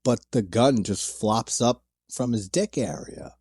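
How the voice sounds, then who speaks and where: A man's voice: mid-range voice, unhurried, a little mellow, breathy edge, no room sound, studio quality. A man giving casual, enthusiastic commentary on a horror movie, retelling scenes loosely with laughs and fillers.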